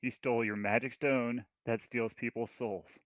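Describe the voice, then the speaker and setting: A man's voice: mid-range voice, steady tone, moderate pace, dry recording, natural voice. A man voicing a small, bold female adventurer who bluffs her captors. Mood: cheeky. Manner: cheeky, bluffing.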